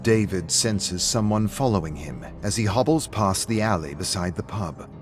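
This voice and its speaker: A man narrating a story in a steady, matter-of-fact way. His voice sits low. Soft music runs faintly behind him. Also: normal speed.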